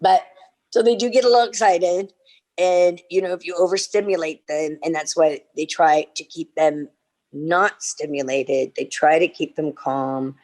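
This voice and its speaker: A middle-aged woman on a video-call fan panel, telling lively stories and acting out the people in them. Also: normal speed. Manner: animated, acts out quotes with big leaps in pitch. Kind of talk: casual anecdote telling.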